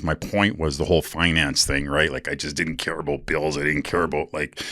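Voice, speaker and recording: A man with a very low voice and a dry, close sound talks casually on his podcast. He rambles through a candid story, swears freely and fills pauses with ums and uhs. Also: a bit bright, no echo. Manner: rambling, candid and profane, with many fillers. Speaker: podcast host.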